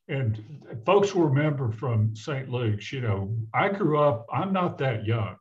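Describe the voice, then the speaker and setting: An older man from the American South recalls his past with earnest, halting delivery, often circling back and restarting mid-sentence. His voice sits at a middle pitch. The recording sounds dull and lo-fi. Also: sing-song. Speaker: guest, physician. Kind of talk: reflective personal storytelling in conversation. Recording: dull lo-fi audio.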